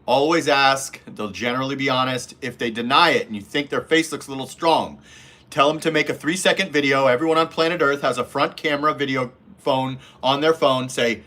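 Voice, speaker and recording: A man's voice: medium pitch, fairly quick, bright, forceful tone. A man hosting a casual livestream, reading chat and giving blunt, profane dating advice. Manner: blunt, profane, mimics voices in anecdotes.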